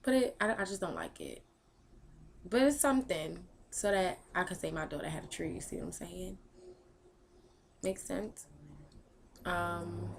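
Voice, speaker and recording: A young woman answering viewer questions in a casual, rambling vlog. She thinks out loud and fills her pauses with ums. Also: fairly low pitch, very animated, vocal fry, noisy background. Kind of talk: casual chat.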